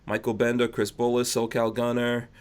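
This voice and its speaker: A man's voice: mid-range voice, monotone, moderate pace, smooth. A man hosting a podcast, originally from England, chatting casually and rambling with frequent laughs. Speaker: podcast host. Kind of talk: casual chat.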